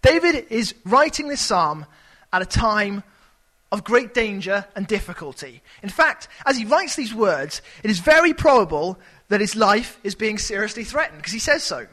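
A man preaching a sermon in a chatty, animated way, with quick asides and playful voices. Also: sits high, rough recording. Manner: conversational and animated, with sudden shouted character voices.

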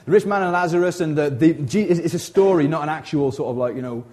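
Chatty preacher, warm mellow tone. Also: male voice, on the high side, quick pace. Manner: animated, chatty, frequent self-interruptions and asides. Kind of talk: informal sermon.

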